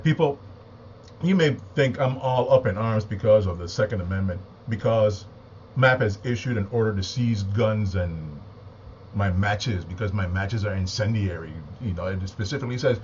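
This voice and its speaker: Agitated man venting on lo-fi audio. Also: darkish tone. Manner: agitated, emphatic, repeats words and takes deep breaths. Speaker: political commentator. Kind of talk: impassioned monologue. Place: home, with a small AM radio nearby. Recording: slightly dull lo-fi recording with faint noise.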